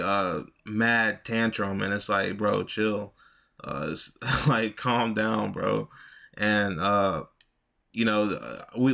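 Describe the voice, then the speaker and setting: Male commentary host, low voice, rambling, profane, filler-heavy, casual. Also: a bit bright.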